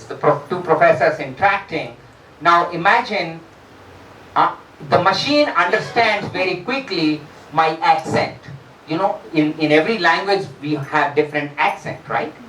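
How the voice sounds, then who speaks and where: A professor giving a university lecture. They often ask the students questions and pause on fillers. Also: mid-range voice, fairly bright tone. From India. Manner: addresses students with rhetorical questions, frequent fillers. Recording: roomy echo, distant mic.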